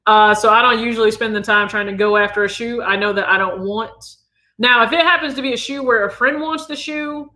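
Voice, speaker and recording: Midwestern man, 30s, channel host; easygoing chat with a sharp, bright tone. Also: sits high. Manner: relaxed, chatty, reads viewer questions aloud. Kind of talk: casual livestream Q&A.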